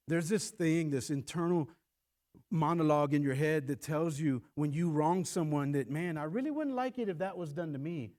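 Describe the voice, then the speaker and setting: Delivering his sermon at normal speed in a fairly high-pitched voice, this pastor preaches with animation, acts out voices, and trips over repeated words when starting a thought.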